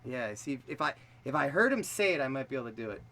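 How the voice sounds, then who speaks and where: A man chatting casually on a stream. He talks in a relaxed, laughing way, full of fillers and trailing phrases. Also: medium pitch, fast, crowd noise. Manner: laid-back, laughing, with filler-heavy trailing speech.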